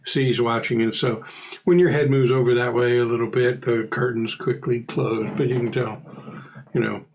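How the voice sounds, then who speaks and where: A man narrating as game master in a relaxed, rambling way. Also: medium pitch, normal speed, poor audio. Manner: relaxed, rambling, filler-heavy.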